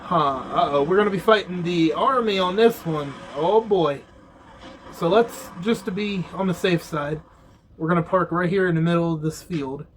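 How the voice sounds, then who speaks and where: A man's voice: high voice, moderate pace, a little hiss or hum, poor audio. A man giving casual, profane gameplay commentary, ranting about games as a YouTuber. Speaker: gaming YouTuber.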